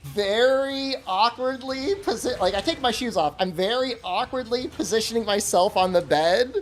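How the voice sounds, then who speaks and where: A man streaming a game, telling a funny story in a casual, animated way and laughing often. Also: extremely high pitch, normal speed, slight background noise.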